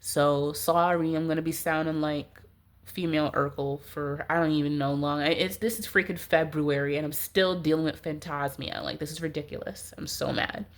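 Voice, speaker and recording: A woman with a blocked nose and a distinctly nasal sound gives a casual tarot reading. Her voice sits a little low. She rambles and fills her talk with "like". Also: steady tone, moderate pace. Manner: rambling, heavy use of "like". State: stuffy nose, congested. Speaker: tarot reader.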